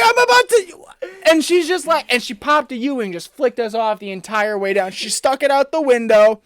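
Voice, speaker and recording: A young man co-hosting a casual podcast, telling work stories and acting out the people in them in a loud, high voice. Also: normal speed, no room sound, clean studio sound. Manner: animated storyteller, acts out quotes in a loud high voice. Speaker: podcast co-host. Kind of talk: casual chat.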